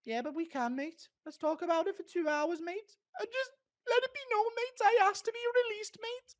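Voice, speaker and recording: A man doing an impression of a brash young male fighter, in a high squealing voice that keeps tacking on "mate". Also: fairly even intonation, moderate pace. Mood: insistent.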